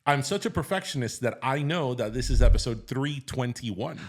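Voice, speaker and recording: A man co-hosting a podcast in casual chat, animated and laughing often. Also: medium pitch, moderate pace. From Miami, United States. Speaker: podcast co-host.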